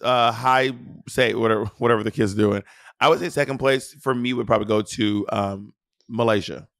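A man's voice: lowish voice, fairly bright tone, no room sound. Playful man chatting on a video call. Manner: playful, teasing, halting with many restarts. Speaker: podcast co-host. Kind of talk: casual review chat.

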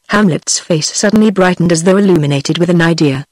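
A text-to-speech woman's voice with a British English accent, reading a book aloud in an even, measured way. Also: fairly low pitch, no echo, rough recording. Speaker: audiobook narrator.

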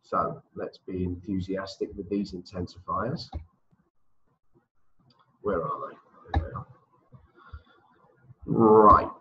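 A man's voice: deep voice, slow pace, long pauses, pushed and bright, echoey room, muffled recording. A man teaching an exam-prep English lesson, patiently drilling words for students to repeat.

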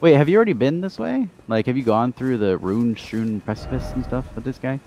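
A man's voice: medium pitch, animated, fairly quick, background noise. A man chatting casually with a friend during a co-op game, dry and teasing. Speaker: co-op player. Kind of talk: casual gameplay chat.

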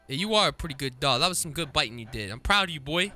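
A man giving playful, deadpan commentary while playing a video game as a gaming YouTuber. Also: a little high, rapid-fire, few pauses.

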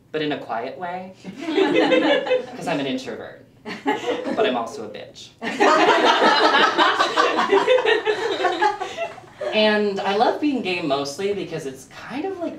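A man performing a self-deprecating stand-up set with deadpan asides for a small audience in a living room. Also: on the high side, reverberant, distant mic, a little hiss or hum. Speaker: stand-up comic.

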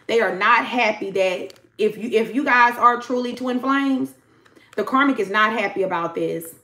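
A woman's voice: on the high side, moderate pace, pushed and bright, poor audio. A young woman giving a casual tarot reading to her viewers, chatty and slangy, talking straight to the audience. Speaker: tarot reader.

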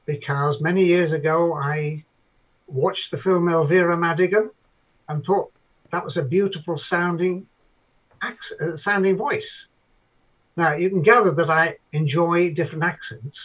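An older man from Ireland chats as a guest over a tinny, phone-like line. His voice sits a little high for a man. He rambles along with hesitant restarts. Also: measured pace. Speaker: guest interviewee. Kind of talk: casual storytelling chat.

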